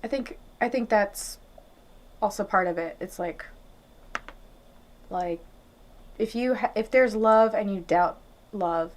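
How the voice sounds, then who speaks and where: Reflective woman co-host, gentle and questioning, casual chat. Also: medium pitch, takes it slowly, pauses often. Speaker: podcast co-host.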